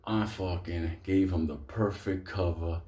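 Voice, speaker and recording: A sweating, worked-up man hosts a stream and tells a wild story to a late-night audience, swearing nonstop and laughing through his own lines. His voice sits low with fairly even intonation, a little slow, dark in tone and reverberant.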